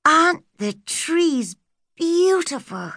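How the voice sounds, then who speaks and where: Woman voicing an eager dreamy orphan girl, high voice, very lively pitch, storybook audiobook. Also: takes it slowly, no room sound, clean studio sound, heavily acted. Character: chatty imaginative orphan girl, about eleven. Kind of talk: audiobook character voice.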